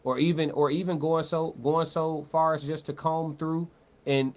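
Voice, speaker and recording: Slangy male livestream commentator, talks loose. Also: medium pitch. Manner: loose, conversational, repeats words and restarts, slangy. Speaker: livestream host. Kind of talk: live-stream commentary, reading chat.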